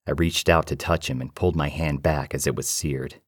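Man, extremely deep voice, dry close sound, first-person horror narration, steady and measured. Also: no room sound.

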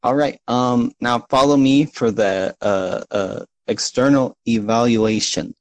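A man's voice: medium pitch, a little slow, no echo, natural voice. A man voicing a small, nervous male gnome assistant who stammers politely. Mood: hurried.

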